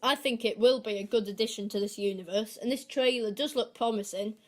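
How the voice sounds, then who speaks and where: A woman co-hosting a film podcast, reading her prepared reviews and recommendations in a steady, measured way. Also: fairly high pitch. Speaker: podcast co-host.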